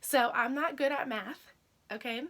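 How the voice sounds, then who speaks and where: A woman's voice: high-pitched, unhurried. Chatty woman telling a story. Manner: chatty, animated, says "literally" often. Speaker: independent accessories consultant. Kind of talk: casual storytelling vlog.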